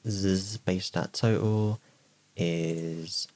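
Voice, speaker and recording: A man's voice: low-pitched, steady tone, very slow, a little mellow, a little hiss or hum. A man co-hosting a casual podcast chat, jokey and chatty, laughing often. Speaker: podcast co-host.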